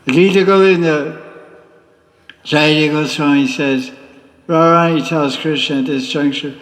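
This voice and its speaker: A man, a spiritual teacher, giving a lively devotional class with teasing asides. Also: on the high side, normal speed, pauses often. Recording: echoey hall reverb.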